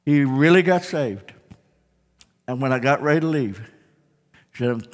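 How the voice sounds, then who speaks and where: Lively young preacher in a big hall. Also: male voice, medium pitch, a little slow, pauses often. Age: young adult. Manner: animated storytelling, acting out voices. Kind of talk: sermon. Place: large auditorium.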